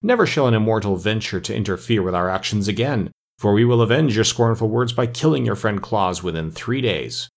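A man's voice: lowish voice, animated, fairly quick, few pauses. A man voicing a furious, defiant king of evil creatures in a storybook reading. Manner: angry, defiant, shouting.

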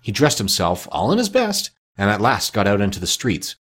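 A man narrating a classic story with a lively, expressive reading. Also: on the low side, normal speed, breathy edge.

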